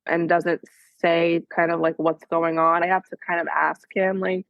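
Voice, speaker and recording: Woman, mother, rambling with fillers, gravelly, low. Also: little pitch movement, moderate pace, no echo, lo-fi sound. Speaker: mother in coaching. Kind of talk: casual chat.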